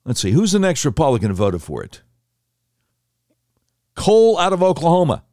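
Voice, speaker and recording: Indignant man with a lively voice. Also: a little high, normal speed, no echo, studio quality. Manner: indignant and sarcastic. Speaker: political commentator. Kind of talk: reading a vote list with commentary.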